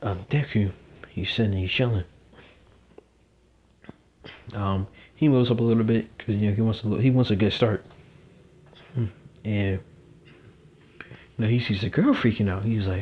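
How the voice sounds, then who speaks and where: A man's voice: fairly low pitch, moderate pace, pauses often, breathy edge. A young man telling a fan-fiction story casually, rambling with lots of fillers, in a dull lo-fi recording.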